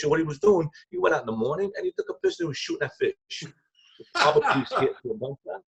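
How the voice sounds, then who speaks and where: A man's voice: on the high side, huge pitch swings, quick pace, creaky, slightly rough. An older man telling casual, rambling anecdotes in blunt street grammar as an interview guest. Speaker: former crime crew associate, guest. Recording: dull lo-fi sound.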